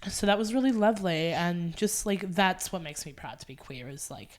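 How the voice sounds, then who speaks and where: A woman guesting on a podcast, talking in a casual, candid way with a lowish voice. She swears freely and laughs often as she tells heartfelt personal stories. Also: expressive, moderate pace. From Australia. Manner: candid, emotional storytelling, frequent swearing and laughing. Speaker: podcast guest, drag performer. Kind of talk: casual interview chat.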